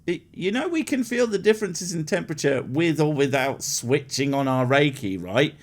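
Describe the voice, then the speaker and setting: A man's voice: a little high, expressive, normal speed, hardly any pauses. A man giving sarcastic, mocking comedy commentary over a video.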